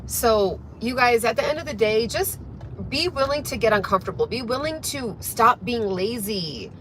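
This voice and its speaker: A woman's voice: fairly high pitch, expressive, moderate pace, a bit bright, slight background noise. A young woman, a fitness coach, chatting casually and motivationally on a livestream while she drives, with many fillers and restarts. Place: in a car.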